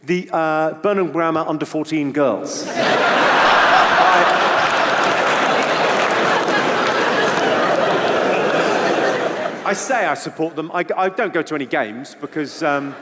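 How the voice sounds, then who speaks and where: A man's voice: on the high side, fairly quick. A man with a British accent doing stand-up crowd work on a theatre stage, firing off dry quips and often breaking into his own distinctive laugh. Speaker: stand-up comedian. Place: large theatre stage with audience. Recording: live theatre with long reverb and loud noise.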